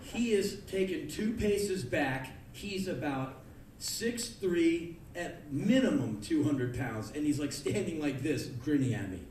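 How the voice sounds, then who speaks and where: A man in his thirties doing live spoken word storytelling on a concert club stage, animated and bursting into loud acted-out quotes. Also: a little high, takes it slowly. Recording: echoey live club recording from far off. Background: audience laughter and room noise.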